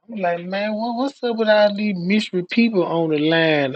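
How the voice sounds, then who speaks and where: A man streaming who tells comedic stories in an animated, profane way and laughs often. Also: fairly high pitch, dry recording. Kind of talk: comedic storytelling rant.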